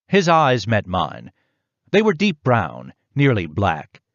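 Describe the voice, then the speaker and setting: A man reading a first-person audiobook in a measured, reflective way. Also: fairly low pitch, wildly swooping pitch, fairly bright tone, no room sound, lo-fi sound. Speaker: audiobook narrator.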